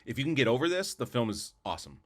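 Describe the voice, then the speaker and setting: A man's voice: mid-range voice, very animated, fast. A man co-hosting a podcast, chatting casually about movies in a rambling, opinionated way with lots of restarts. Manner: rambling, repeats words, opinionated. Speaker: podcast co-host. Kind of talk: casual movie review chat.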